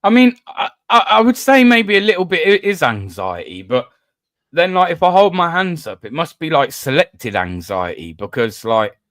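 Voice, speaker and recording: A man's voice: on the high side, big pitch swings, moderate pace, a bit bright, dry recording. A British man hosting a live voice chat, chatting casually and telling stories in a self-mocking way. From Britain. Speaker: host of a live voice-chat panel. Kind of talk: casual banter. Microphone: online voice chat.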